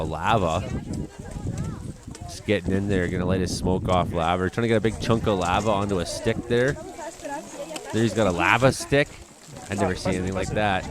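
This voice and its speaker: A man, hosting a weather show and giving casual commentary on video clips with jokey asides and excited outbursts. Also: deep voice, very noisy. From Canada. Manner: chatty, exclaiming, jokey asides.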